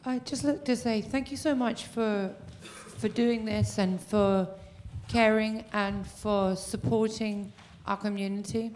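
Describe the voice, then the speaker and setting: A woman in the audience speaking up as a local resident, heartfelt and halting, with pauses and fillers. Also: mid-range voice, fairly even intonation, a little mellow, a little hiss or hum. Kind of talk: question from the floor.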